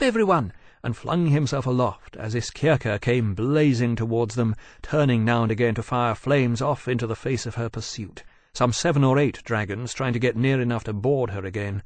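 A man narrating an audiobook in a measured, steady way. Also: mid-range voice, no room sound, clean studio sound.

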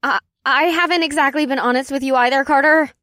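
A man voicing a spirited young blonde woman in an audiobook, putting on a high, bright girlish voice. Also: fairly even intonation, fast, dry recording, studio quality. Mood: earnest. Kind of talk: audiobook character voice.

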